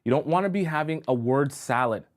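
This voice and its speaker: A man's voice: mid-range voice, lively intonation, brisk. A man giving dating advice as a coach in a live-streamed lesson, talking straight to his chat and repeating himself as he works through his points. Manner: talks to chat directly, repeats himself when drawing.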